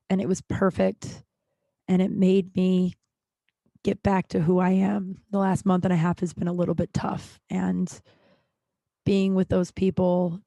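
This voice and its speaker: A woman's voice: fairly low pitch, gravelly, dark tone, dry recording. Forties woman podcast host: loose, candid, wandering chat into a dry, close studio mic. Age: 40s. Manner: rambling, candid, swears casually. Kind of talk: casual solo podcast chat. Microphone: studio podcast microphone.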